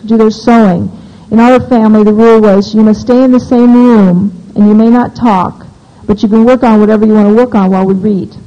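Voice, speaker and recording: A woman's voice: fairly high pitch, dark tone. Opinionated woman giving a seminar talk. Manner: asks the audience questions, practical and opinionated. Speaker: homeschooling seminar speaker. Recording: dull lo-fi recording.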